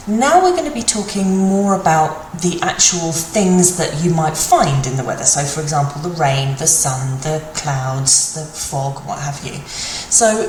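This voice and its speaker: A woman teaching a beginner French lesson, speaking clearly and patiently, repeating phrases slowly. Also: deep voice, reverberant, a little hiss or hum, rough recording.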